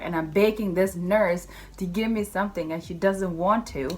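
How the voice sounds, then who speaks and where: In a casual vlog, a young woman with a fairly low voice tells a personal story at a measured pace, acting out the voices of the people involved. Her English isn't fully fluent and her grammar is loose. Background noise can be heard.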